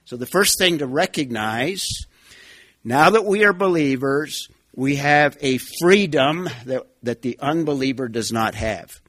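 A man's voice: medium pitch, lively intonation, a little slow, a bit bright, no echo. A man giving an expository Bible teaching, explaining a passage in an emphatic, repetitive way. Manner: emphatic, explanatory, repeats key points.

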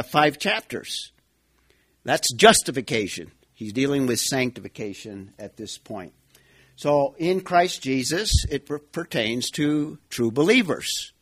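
A man's voice: medium pitch, dry recording. A man giving an expository Bible teaching, explaining a passage in an emphatic, repetitive way. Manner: emphatic, explanatory, repeats key points.

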